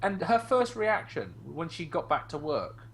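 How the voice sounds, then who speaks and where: A man's voice: fairly high pitch, very animated, a little slow, a little hiss or hum. A man in a casual online group discussion, talking heatedly with swearing and mocking the voices of people he argues against. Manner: heated, profane, mimics opponents in mocking voices.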